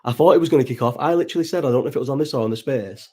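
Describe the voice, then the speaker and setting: Bolton lad in his 30s rambling on a stream, swears a lot, dark mellow voice. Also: mid-range voice, rapid-fire. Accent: Bolton, Northern English. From Bolton, England. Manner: rambling, swears freely, reads and answers chat. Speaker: livestream host. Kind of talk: casual watch-along chat.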